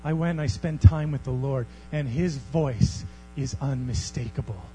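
A man preaching a sermon as pastor, swinging from hushed, almost whispered passages to loud, thundering ones. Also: mid-range voice, moderate pace, faint music behind, poor audio. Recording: faint mains hum.

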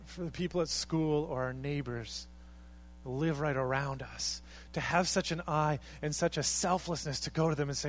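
A man preaches to his congregation with steady, earnest conviction. His voice sits a little on the high side, and he rises to emphatic peaks as he acts out what people might say. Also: normal speed, rough recording. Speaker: pastor. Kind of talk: sermon.

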